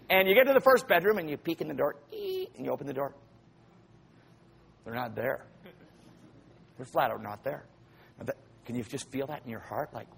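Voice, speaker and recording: Husky, animated male preacher. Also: fairly high pitch. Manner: animated storytelling preacher who acts out scenes and asks the crowd questions. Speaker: pastor. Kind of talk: sermon.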